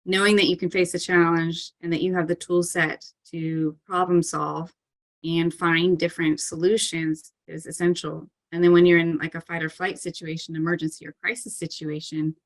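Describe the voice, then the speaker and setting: A woman's voice: on the low side, little pitch movement, normal speed. A woman talking as a parkour coach in a casual interview, earnest and chatty, with frequent "um" and "like" fillers and light laughs.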